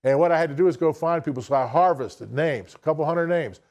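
A man's voice: on the high side, fast, a little mellow. Blunt folksy man in his sixties. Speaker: business speaker addressing an audience. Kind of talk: motivational speech.

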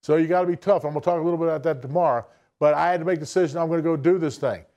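A man with a slightly high, warm voice speaks very fast, delivering a motivational speech as a business speaker. His talk to the audience is blunt and folksy.

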